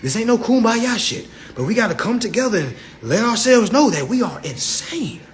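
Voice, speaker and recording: A man with a notably high-pitched voice lectures on a phone live stream. He is blunt and confrontational, and he slows right down to hammer in the passages he reads aloud. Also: big pitch swings, soft background music. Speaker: livestream speaker. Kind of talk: livestream lecture, reading law text aloud.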